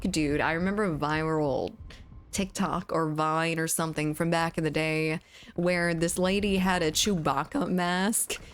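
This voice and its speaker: A woman's voice: lowish voice, a little hiss or hum. A woman streamer chatting casually and reading viewer messages aloud, giggling often, at a desk mic at home. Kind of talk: casual chat reading live chat.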